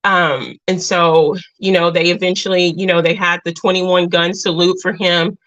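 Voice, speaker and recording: Woman, channel host, casual chat, earnest, halting, low voice, dull lo-fi recording. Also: flat delivery, a bit bright. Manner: earnest, halting, many restarts. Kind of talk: casual live chat with viewers. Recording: dull lo-fi sound.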